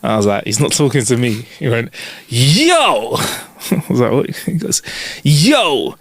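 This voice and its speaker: A man's voice: mid-range voice, fairly quick, vocal fry, no room sound. A man hosting a podcast, telling stories in a loose, jokey way with frequent laughs. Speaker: podcast host. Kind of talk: casual chat.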